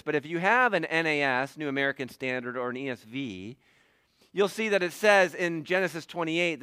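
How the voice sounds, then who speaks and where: A man preaching a sermon as pastor, swinging between loud emphatic peaks and hushed asides, with frequent chuckles. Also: a little high, no room sound.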